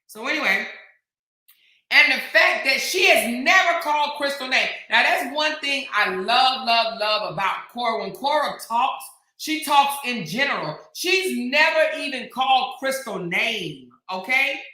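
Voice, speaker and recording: Her voice sits high, bright and forceful, expressive and a little slow, echoing around the room. This American commentary vlog host is sassy and emphatic in her casual show, speaking straight to the people she discusses.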